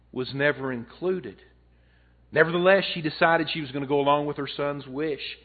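A male pastor preaching a sermon, telling a story and swelling and dropping his voice for emphasis. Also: mid-range voice. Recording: tinny phone-like audio.

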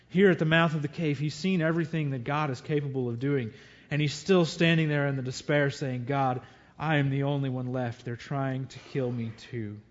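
A man's voice: on the high side, lo-fi sound. A man preaching a sermon, reading scripture aloud and dwelling earnestly on it.

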